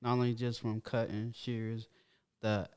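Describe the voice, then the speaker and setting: A man's voice: mid-range voice, little pitch movement, measured pace, a little mellow, clear, resonant tone. A man co-hosting a podcast, talking in a laid-back, slangy way. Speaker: podcast co-host. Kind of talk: casual podcast chat.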